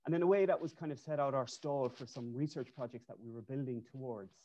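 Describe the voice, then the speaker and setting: A man presents his research in a loose, conversational way, often restarting his phrases. His voice sits at a middle pitch for a man. The video call audio sounds muffled and lo-fi. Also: fast, dark tone, slight background noise. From Ireland. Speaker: webinar presenter, architect.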